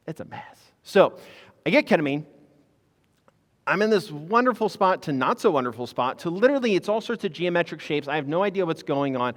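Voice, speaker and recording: A man, a physician assistant, telling a candid personal story in a casual, animated way. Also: a little high, in a large hall.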